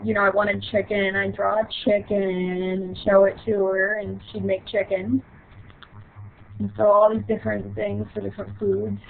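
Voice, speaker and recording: Woman storyteller, gravelly, halting short phrases; tinny phone-like recording. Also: medium pitch, completely flat delivery, a little hiss or hum. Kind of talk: personal childhood story.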